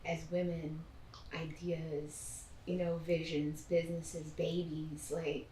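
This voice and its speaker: Woman, gentle reflective manner, slightly low voice, roomy echo, faint ambience. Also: level tone, slight background noise. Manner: gentle, reflective, slow and spiritual. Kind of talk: casual group conversation. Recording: echoey room from a distance.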